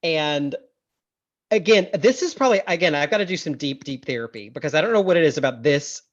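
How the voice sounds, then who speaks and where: Animated woman recapping a film. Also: sits low, fairly quick. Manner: animated, laughs often, swears in outrage. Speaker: podcast co-host. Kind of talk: casual chat recapping a film. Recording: slightly dull lo-fi audio.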